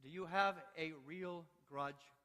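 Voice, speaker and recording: Man doing a stern frustrated judge, bright high voice, impatient questions, echoing hall. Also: normal speed. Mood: stern exasperated. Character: exasperated male judge losing patience.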